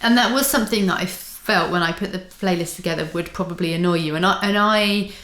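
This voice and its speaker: A woman co-hosting a casual music podcast, talking in a chatty way full of fillers and quick agreement. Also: lowish voice, a bit bright. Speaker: guest co-host. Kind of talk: casual chat. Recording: roomy echo.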